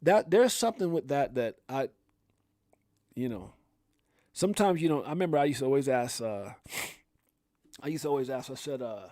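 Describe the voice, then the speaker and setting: A man's voice: medium pitch, animated, normal speed, pauses often, a little mellow, dry recording, clean studio sound. A middle-aged man hosting a livestream, talking to his viewers in a heartfelt, rambling way that keeps repeating itself. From California. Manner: rambling, emotional, repeats himself. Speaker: crypto livestream host.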